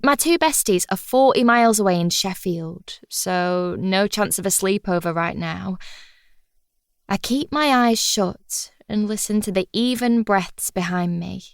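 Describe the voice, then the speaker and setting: A woman's voice: mid-range voice, measured pace, no room sound, studio quality. Wry woman narrating an audiobook. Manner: wry, chatty, confiding. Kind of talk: first-person audiobook narration.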